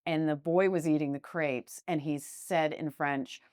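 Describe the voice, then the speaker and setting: Low-voiced woman business owner. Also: a little slow, no echo, studio quality. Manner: frank and animated, with fillers like "like" and "you know". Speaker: business owner, interview guest. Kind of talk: casual conversational interview.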